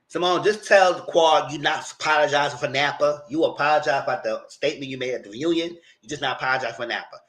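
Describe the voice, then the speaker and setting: A commentary channel host recaps things casually on a livestream, chatty and blunt, acting out what he told the cast. His voice is on the high side and a bit bright, delivered quickly with hardly any pauses.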